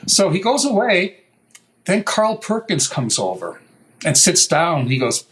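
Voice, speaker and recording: A middle-aged guitar maker, a man, telling lively stories in an interview, acting out what others said and laughing often. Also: high-pitched, slow, long pauses, rough recording. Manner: animated anecdotal telling, acts out quoted voices, laughs often. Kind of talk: storytelling interview.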